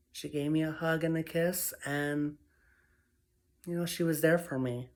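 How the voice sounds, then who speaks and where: A woman sharing her personal story in a vlog, emotional and heartfelt, speaking softly and affirming herself again and again. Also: low-pitched, fairly even intonation, a little slow, pauses often. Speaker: vlogger.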